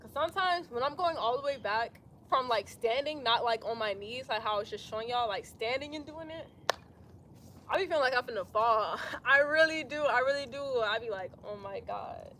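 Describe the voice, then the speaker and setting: A young woman leading a casual yoga class outdoors, chatty and talking herself up out loud as she tries a backbend. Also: on the high side, expressive, fairly quick, a little hiss or hum. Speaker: yoga instructor.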